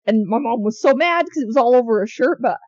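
A young woman with a somewhat high voice chats casually and bluntly, swearing freely as she tells stories. The sound is close and dry, with a slightly muffled, dull tone. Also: lively intonation, fast, a little mellow, dry recording. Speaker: podcast co-host. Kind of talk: casual chat.

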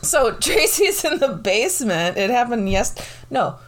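Woman, casual podcast chat, laughs a lot, acts out sounds, lively swooping voice. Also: fairly high pitch, measured pace. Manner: animated storyteller, laughs often, acts out sounds and quotes.

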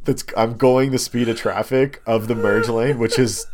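A young man casually telling a long, animated story, full of ums and likes. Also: medium pitch, moderate pace.

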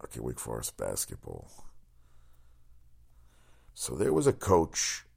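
Deep-voiced middle-aged guy doing sports talk, swears a lot, rambles on. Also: takes it slowly, gravelly, slightly rough. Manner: rambling, profane, animated storytelling. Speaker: sports talk show host.

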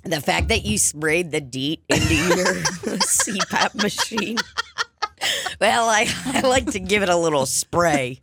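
A woman's voice: lowish voice, lively intonation, slow, a bit bright, a little hiss or hum. A woman co-hosting a podcast in casual chat, teasing, laughing often and swearing freely. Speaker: podcast co-host.

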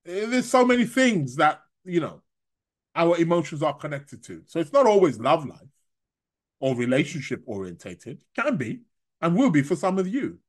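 An astrologer and tarot reader chats on a live stream, reading viewer comments aloud as he rambles, halts, restarts often and chuckles. His voice sits fairly high and has a sing-song lilt.

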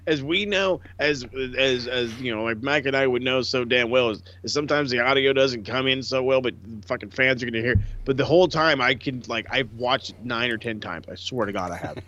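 A man co-hosting a casual podcast, swearing freely and talking excitedly. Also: mid-range voice, fairly quick, hardly any pauses, muffled recording, a little hiss or hum. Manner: profane, excitable, laughs a lot. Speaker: podcast co-host.

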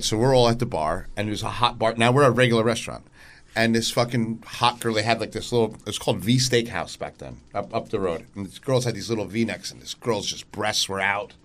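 A man in a casual podcast chat, telling profane stories with animated energy and jumping into loud voices when he quotes people. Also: on the low side.

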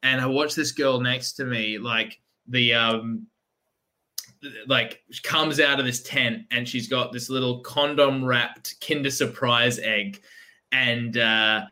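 Young Aussie man, bright tone, rambling anecdote between laughs; casual podcast chat. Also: medium pitch, steady tone, takes it slowly. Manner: laughing storyteller, trails off mid-sentence.

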